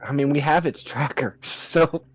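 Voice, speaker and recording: A man's voice: a little high, a little slow, low-quality recording. A man playing a tabletop game, joking and laughing in a casual chat. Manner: jokey, laughing, lively. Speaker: player.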